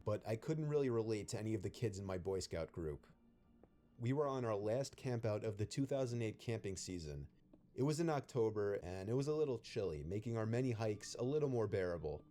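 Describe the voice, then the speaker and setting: Low, mellow-voiced man narrating horror. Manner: steady, even first-person storytelling. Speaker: storyteller. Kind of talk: scripted horror story narration.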